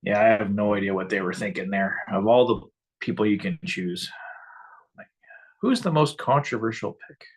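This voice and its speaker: Husky low-voiced man chatting hockey. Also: normal speed. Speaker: live stream co-host. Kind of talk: casual hockey watch-along chat.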